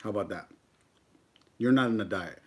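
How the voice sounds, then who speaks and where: Eating during a live stream, this American mukbang YouTuber in his thirties keeps things casual with jokes and plenty of swearing. He speaks at a normal speed in a lowish voice.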